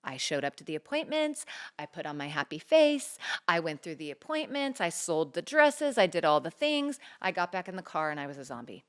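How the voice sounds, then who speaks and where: A woman's voice: low-pitched, a little fast, clear, resonant tone. A middle-aged woman co-hosting a talk show, telling a personal story earnestly and acting out the dialogue as she goes. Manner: earnest, animated retelling with quoted dialogue. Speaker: podcast co-host. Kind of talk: personal storytelling, casual chat.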